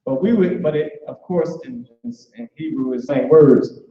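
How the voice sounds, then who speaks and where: A man leads an informal online language class in a loose, chatty way, full of restarts. His voice sits a little high. The call audio is very echoey and dull. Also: sing-song, normal speed. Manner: loose, conversational, repeats "boom" and restarts often. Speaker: class teacher.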